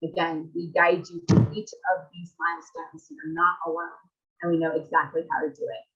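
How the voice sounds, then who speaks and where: A woman's voice: low voice, level tone, moderate pace, a bit bright, highs cut off. A woman marriage coach presenting a live webinar, reading out audience comments and asking rhetorical questions.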